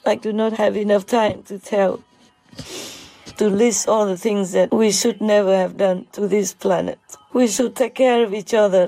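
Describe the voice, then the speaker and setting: Brief: woman, slow and gravelly, choked up, halting speech with nervous laughs. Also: mid-range voice, mellow, dry recording, poor audio. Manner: halting, tearful, many restarts and nervous laughs. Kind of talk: emotional spoken address.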